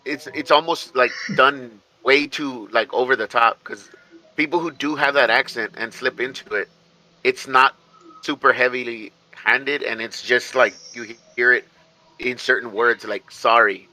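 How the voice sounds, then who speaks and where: Man, very bright tone, rambling casual chat, frequent restarts. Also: medium pitch, fairly even intonation, a little slow, rough recording. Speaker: podcast co-host.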